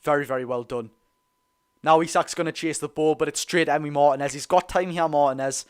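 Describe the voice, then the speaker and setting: A man with a Geordie accent giving excited, rapid live football commentary as host of a fan watch-along, cheering his side on. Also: fairly high pitch, smooth. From North East England. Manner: talks very fast; animated, cheers players on.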